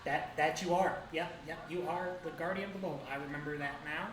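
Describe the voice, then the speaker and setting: A man's voice: on the high side, steady tone, fairly quick, recorded from a distance, background noise, close to an everyday voice. A man voicing a nervous young nobleman who stammers and fumbles his words, recorded in an echoey room. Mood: flustered. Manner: stammering, flustered.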